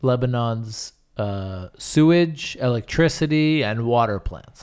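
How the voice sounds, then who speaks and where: A man's voice: medium pitch, animated, moderate pace, darkish tone. A man co-hosting a podcast in casual chat, blunt and emphatic, swearing freely. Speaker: podcast co-host.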